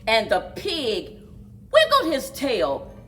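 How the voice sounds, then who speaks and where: A woman, a children's librarian, reading a picture book aloud with expressive storytelling. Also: a little high, takes it slowly, soft background music. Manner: expressive storyteller, big swoops for animal noises.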